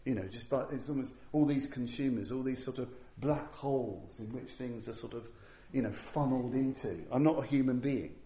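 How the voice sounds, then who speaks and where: A man delivers a Buddhist talk in an earnest, emphatic way, often restarting his sentences. His voice sits in a middle pitch. The sound carries a noticeable room echo. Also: warm tone. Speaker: Buddhist teacher. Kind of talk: Dharma talk.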